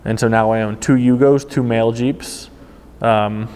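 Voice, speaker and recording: A man and former car salesman telling a personal anecdote in a casual, animated way, acting out the people he quotes. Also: mid-range voice, a little slow, clear, resonant tone, big-room sound.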